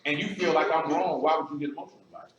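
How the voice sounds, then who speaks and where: A man's voice: on the high side, steady tone, racing, muffled recording. A man preaching a blunt, emphatic sermon in casual street talk, often asking "you know what I'm saying". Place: assembly room. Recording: echoey room, speaker far from the mic, faint noise.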